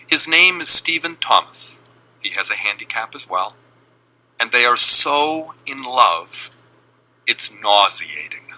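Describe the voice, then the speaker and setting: Slow, bright-voiced male storyteller. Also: mid-range voice, big pitch swings, low-quality recording. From Boston. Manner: deliberate, dramatic pauses. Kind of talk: personal storytelling.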